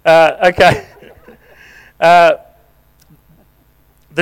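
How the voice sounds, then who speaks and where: A man's voice: on the high side, moderate pace, fairly bright tone, clear, resonant tone. A man, a pastor giving a playful sermon and directing volunteers as he reads scripture aloud. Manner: jokey, playful, coaching volunteers on stage. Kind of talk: sermon with acted-out scripture reading. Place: church stage before a congregation.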